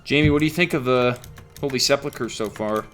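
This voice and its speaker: A man's voice: mid-range voice, a little fast, a bit bright, faint music behind. A young man with a Liverpool accent chatting casually and teasingly while building in a game, swearing freely.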